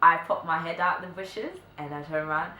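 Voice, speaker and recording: Chatty young woman, low bright voice. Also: steady tone, a little fast. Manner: chatty, lots of filler likes, laughs between lines. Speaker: vlogger. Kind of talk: casual storytime chat. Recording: echoey room, faint background noise.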